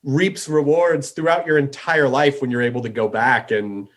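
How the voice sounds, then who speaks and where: A man's voice: mid-range voice, steady tone, normal speed. A man hosting a podcast in casual chat, rambling with lots of "you know" and "like". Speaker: podcast host.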